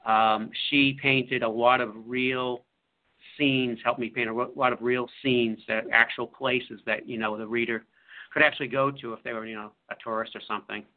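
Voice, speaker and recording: A man, an author, talking about his book in a halting way with many fillers. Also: medium pitch, flat delivery. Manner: halting, full of fillers and restarts. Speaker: author being interviewed. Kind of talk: casual radio interview. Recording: phone-like line.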